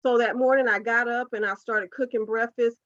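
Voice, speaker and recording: A woman shares her story with earnest, heartfelt conviction. Her voice sits a little high. The recording is muffled and lo-fi, with no room echo. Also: fairly even intonation, a little fast, fairly bright tone. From United States, South Carolina. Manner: earnest, heartfelt faith testimony. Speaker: podcast guest. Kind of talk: personal storytelling in an interview. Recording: dull, dry lo-fi podcast audio.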